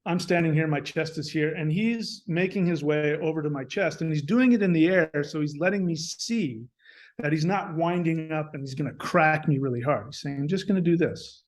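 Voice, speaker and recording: A man who is a podcast guest, telling a personal story in a casual way. He is animated, restarts often and acts out bits of dialogue. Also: on the high side, moderate pace.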